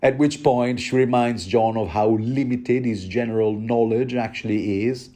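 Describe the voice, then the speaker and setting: A man talks through a book chapter in a loose, rambling way, cracking jokes as he goes. His voice is mellow and soft-edged, and he often trips over words and starts again. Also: fairly low pitch, fairly even intonation, unhurried. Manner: chatty, joking, stumbling restarts. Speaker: book commentator. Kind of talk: rambling casual commentary.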